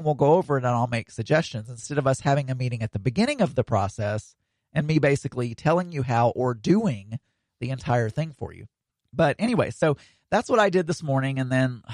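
A man's voice: medium pitch, a little mellow, no room sound. A man hosting a casual solo podcast, rambling with plenty of fillers and restarts.

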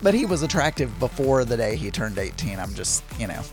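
A man's voice: mid-range voice, big pitch swings, a little fast, faint music behind. A middle-aged man hosting his own daily podcast, chatting casually and rambling with self-deprecating asides. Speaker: podcast host.

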